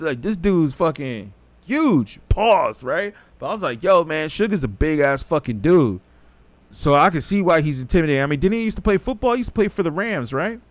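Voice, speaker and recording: A podcast host with a fairly high-pitched male voice, recorded dry, tells a story casually. He rambles, swears, and acts out what people said.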